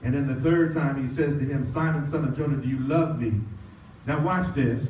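A pastor preaching a sermon, with emphatic calls to the congregation and call-and-response. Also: male voice, mid-range voice, steady tone, moderate pace, a little mellow, a little hiss or hum. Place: church sanctuary. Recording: echoey church from a distance.

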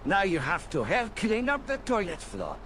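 A man voicing a big gruff male ogre who runs a hotel, speaking curtly and scolding his guest. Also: high voice, huge pitch swings, normal speed, noisy background. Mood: stern.

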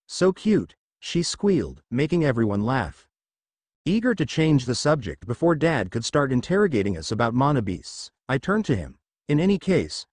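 A man's voice: mid-range voice, no room sound. A man reading a fan fiction story aloud in an audiobook style, giving the characters small voice shifts.

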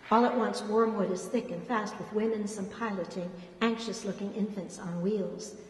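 A woman author reads her fiction aloud with expressive, dramatic delivery. The voice rings with a roomy echo and a long hall reverb. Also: medium pitch, moderate pace.

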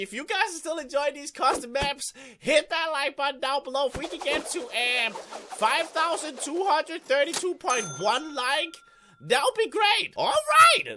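A young man hosting a gaming channel, giving excitable, jokey let's-play commentary and reading game text aloud. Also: very high-pitched, a little slow.

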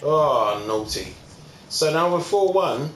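A young man excitedly commentating his own football game session, swearing and shouting at the players. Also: a little high, slow pace. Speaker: gaming YouTuber. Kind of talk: casual gameplay commentary. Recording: roomy with loud game audio behind. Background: game commentary and crowd ambience.

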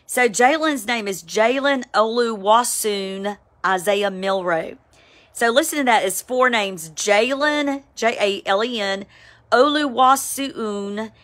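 A woman, giving a casual, emphatic spoken devotional, with sudden excited high cries. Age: 50s. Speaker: Christian devotional vlogger. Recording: home, with a siren outside.

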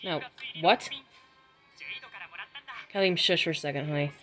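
A woman's voice: low voice, measured pace, music in the background. A young woman giving casual gameplay commentary, chatty, swearing freely and talking to the game characters. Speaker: gaming vlogger.

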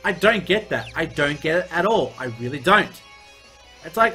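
Excitable, high-voiced gamer man. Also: moderate pace, faint music behind. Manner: excitable, profane, yelling at the game. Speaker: let's play host. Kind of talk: gameplay commentary.

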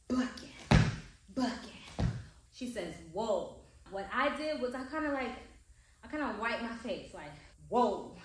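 A woman's voice: on the high side, slight background noise. A woman teaching a dance in a large studio, upbeat and checking in with her students. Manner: upbeat, coaching with frequent check-ins. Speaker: dance instructor. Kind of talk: dance tutorial. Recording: echoey studio from far off.

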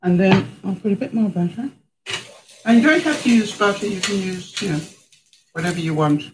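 Here a middle-aged woman from Canada hosts a casual live cooking stream from her own kitchen, talking with viewers and often laughing. Her pitch is medium and her pace normal. There's noticeable noise in the background.

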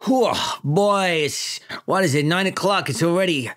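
A man voicing a gruff middle-aged police chief with a brash, old-time New York manner in a tabletop game. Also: high-pitched, moderate pace, a bit bright, voice pushed up.

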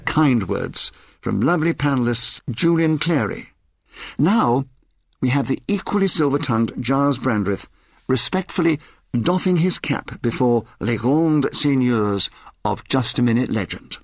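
A man's voice: mid-range voice, lively intonation, a little slow, no echo, clean studio sound. A man presenting scripted links in a tribute programme, in a polished way.

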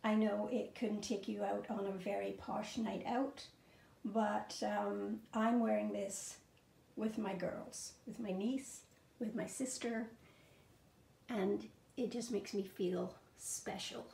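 A woman's voice: mid-range voice, steady tone, takes it slowly, vocal fry, warm tone, reverberant. A middle-aged woman showing outfits and perfumes in a home vlog, gushing and enthusiastic, with plenty of fillers. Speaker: fashion and fragrance vlogger. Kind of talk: casual show-and-tell vlog. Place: bedroom at home.

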